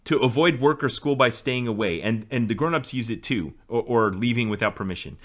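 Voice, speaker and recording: A man's voice: mid-range voice, moderate pace, fairly bright tone. A man in his forties, co-hosting a podcast in casual chat and explaining things in a storytelling way. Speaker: podcast co-host.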